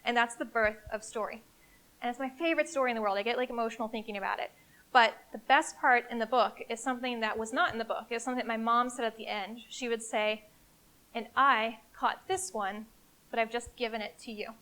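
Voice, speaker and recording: A woman with a somewhat high voice gives a live conference talk. She is energetic and emphatic, speaking casually and directly to the audience in the room. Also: fast talker. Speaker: CEO giving a marketing presentation.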